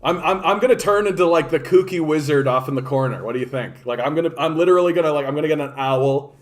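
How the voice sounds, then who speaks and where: A man with a slightly raised pitch chats his way through political commentary on a livestream. He rambles, swears casually and keeps restarting his sentences, with "like" scattered through everything. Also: quick pace. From Canada. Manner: rambling, profane, many "like" fillers and restarts. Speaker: political streamer.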